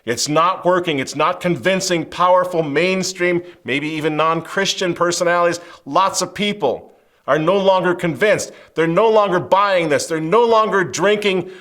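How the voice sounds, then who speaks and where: A middle-aged man hosting a commentary show, emphatic and sarcastic, swinging between loud outbursts and hushed asides, with many rhetorical questions. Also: high voice, moderate pace. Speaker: show host. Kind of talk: impassioned political commentary.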